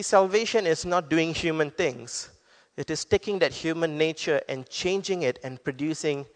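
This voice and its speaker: Male pastor, earnest explanatory sermon, slightly higher voice, reverberant hall. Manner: earnest, explanatory preaching with scripture quotes.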